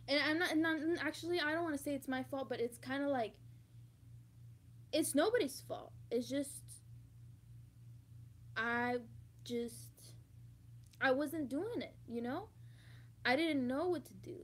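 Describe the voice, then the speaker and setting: High-voiced young woman, rambling confessional vlog. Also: a little slow, pauses often. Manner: rambling, swears freely, bursts into loud emphatic repetition. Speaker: vlogger.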